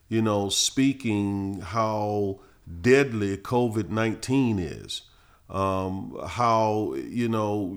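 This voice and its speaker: A middle-aged man, a pastor teaching Bible verses on a podcast, who gets louder and higher when he reads scripture. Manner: preachy, rises in pitch and force reading scripture.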